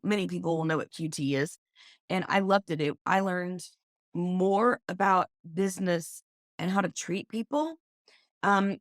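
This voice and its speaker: Middle-aged oklahoma lady, low gravelly voice, chatty storyteller, dry sound. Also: dry recording. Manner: lively storyteller, animated in quoted speech. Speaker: guest, business owner. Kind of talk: casual interview chat.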